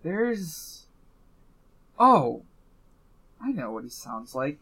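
Man, podcast co-host, casual chat, slow, bright tone, hesitant. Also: on the high side, big pitch swings, breathy edge. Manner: hesitant, many fillers and restarts.

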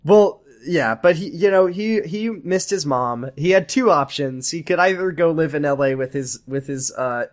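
Dry, ironic man with a higher voice. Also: lively intonation, normal speed, hardly any pauses. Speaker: podcast co-host. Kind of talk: casual recap chat.

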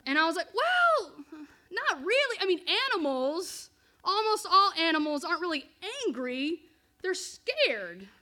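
A woman pastor preaching a sermon and telling a personal story, in an earnest, measured way. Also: sits high, bright, forceful tone.

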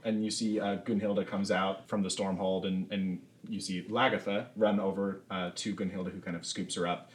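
Low-voiced man running a tabletop game. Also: normal speed, hardly any pauses. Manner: relaxed, filler-heavy narration. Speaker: game master.

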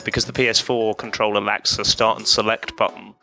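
A man's voice: fairly low pitch, little pitch movement, a little fast, creaky, sharp tone. A man chatting casually on a gaming podcast, making dry joking asides. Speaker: podcast co-host. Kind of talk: casual chat.

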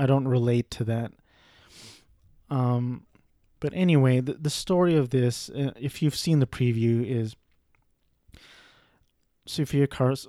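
A man's voice: medium pitch, mellow, no room sound, clean studio sound. A man talking casually and rambling through a movie review, swearing and poking fun at himself. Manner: rambling, profane, self-deprecating.

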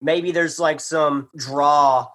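A man's voice: on the high side, fairly even intonation, very slow, a bit bright. A man co-hosting a casual book discussion podcast, rambling and full of filler words. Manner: rambling, many filler likes. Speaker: podcast co-host.

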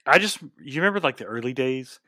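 Man, mid-pitched voice, podcast co-host, chiming in with laughs, dry room. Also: expressive, sharp tone, dry recording. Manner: chimes in with quick agreement and laughs. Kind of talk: casual wrestling recap chat.

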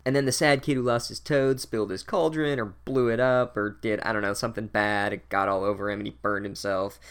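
A man's voice: on the low side, steady tone, a little fast, a bit bright, clear, resonant tone. Sardonic swearing man recapping a book. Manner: sardonic, swears a lot, wry. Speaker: podcast host recapping a book. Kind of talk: casual profane commentary.

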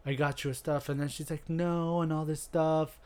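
Animated man recapping a movie. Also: a little high, normal speed, smooth. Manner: animated storyteller, laughs easily. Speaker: podcast co-host. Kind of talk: casual movie recap chat. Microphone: podcast microphone.

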